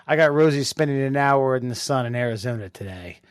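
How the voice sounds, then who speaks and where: A man co-hosting a casual podcast, reading out listener comments with lots of halting and throat clearing. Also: medium pitch, expressive, no echo, studio quality. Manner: halting reader, many fillers and throat clearing. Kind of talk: casual chat.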